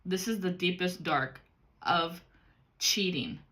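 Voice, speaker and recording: A woman's voice: lowish voice, slow pace, pushed and bright. A woman giving a casual spiritual tarot reading, blunt and profane, talking straight to the viewer. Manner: talks directly to the viewer. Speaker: tarot card reader.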